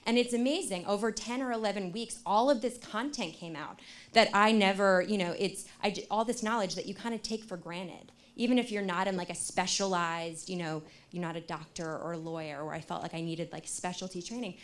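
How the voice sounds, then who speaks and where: A young adult woman giving a talk to an audience, telling a story with lively acted-out dialogue and frequent fillers like "you know" and "like". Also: medium pitch, a little fast. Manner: animated, acts out quoted dialogue, many fillers like "you know" and "like". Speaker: speaker.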